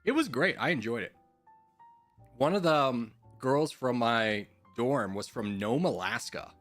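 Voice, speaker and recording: A young man rambles through a game stream in a casual, sarcastic way. His voice is bright and very lively in pitch. Faint music plays under him. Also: unhurried. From United States. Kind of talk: casual gaming commentary.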